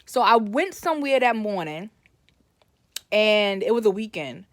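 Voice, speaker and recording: A woman's voice: mid-range voice, lively intonation, unhurried, dry recording, clean studio sound. A woman telling a personal story in a casual, rambling way, often correcting herself and livening up when she quotes her family. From Brooklyn, New York.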